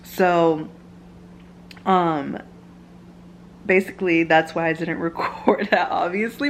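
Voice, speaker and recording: Gushing young woman, lowish voice. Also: slight background noise. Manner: gushing, full of "like" fillers. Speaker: vlogger. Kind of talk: casual story-time chat. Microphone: camera mic, filming herself.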